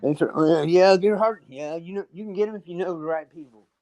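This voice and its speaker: A man's voice: high-pitched, a little fast, a crowd in the background. A man chatting casually on a live video call panel, rambling as he shows off things he built. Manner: rambling, shows off his stonework and builds. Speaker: panel guest.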